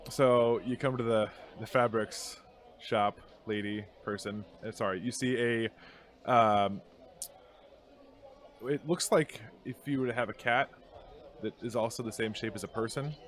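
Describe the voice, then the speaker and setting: A man running a tabletop game over a video call, narrating haltingly with many pauses and frequent laughs. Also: mid-range voice, steady tone. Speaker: game master.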